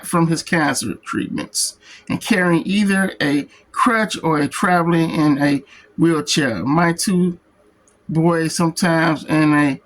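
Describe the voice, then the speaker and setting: A man reviewing a comic book reads its printed text aloud slowly and haltingly, stumbling and restarting on words. His voice is on the high side and a bit bright, on a rough recording.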